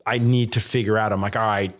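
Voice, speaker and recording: A man talking casually as a podcast guest, swearing freely and getting animated as he retells conversations. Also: fairly low pitch, fast. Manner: swears a lot, animated when retelling others. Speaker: guest tattoo artist.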